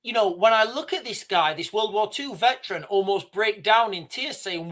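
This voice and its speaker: A man hosting a livestream, giving impassioned, halting commentary with restarts and blunt swearing. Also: high-pitched, expressive, fairly bright tone. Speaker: livestream host. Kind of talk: emotional live commentary.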